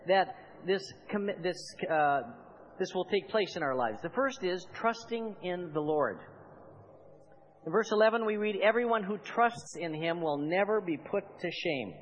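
High-voiced man preaching a fervent sermon. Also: expressive, unhurried, muffled recording, a little hiss or hum. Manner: building to fervent, emphatic repetition; calls on the congregation to respond. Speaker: pastor.

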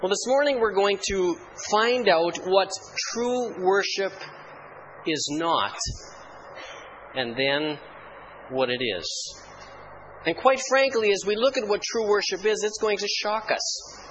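A man's voice: high-pitched, slow, pauses often, a bit bright, highs cut off, a little hiss or hum. A man preaching a sermon, telling humorous church stories with dry wit before turning to scripture. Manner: dry storytelling humor, mock-solemn archaic hymn recitation. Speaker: pastor.

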